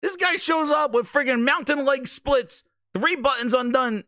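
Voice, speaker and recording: A male host with a very high, bright voice, ranting and laughing through casual video commentary. His pitch swings widely as he curses and riffs, and the recording is dry and close with no room around it. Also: measured pace, dry recording. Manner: profane, laughing, animated ranting.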